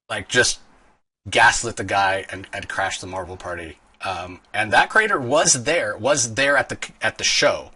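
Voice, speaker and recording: Male host, rambling animated storyteller, bright tone with a husky edge. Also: lowish voice. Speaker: podcast host. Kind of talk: casual storytelling chat.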